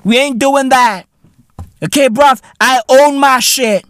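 A man's voice: very high voice, slow pace, fairly bright tone, no room sound. A man hosting a podcast in a comedic rant, profane and boastful, full of slang and laughing at his own jokes. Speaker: podcast host.

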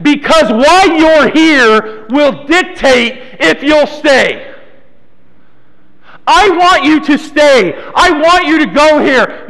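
High-voiced pastor preaching in a hall. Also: male voice, vocal fry, fairly bright tone. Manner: playful, teasing congregation by name. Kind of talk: sermon. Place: small church hall. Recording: long hall reverb.

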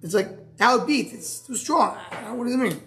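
Halting man teaching a Talmud class. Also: very high voice, animated, fairly bright tone, faint music behind. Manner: explains step by step, asks and answers himself; halting, restarts words. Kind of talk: live Gemara class.

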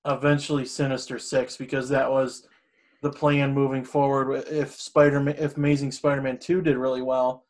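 A man's voice: mid-range voice, flat delivery, moderate pace. A man co-hosting a casual podcast, hedging his points. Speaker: podcast co-host. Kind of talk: casual chat.

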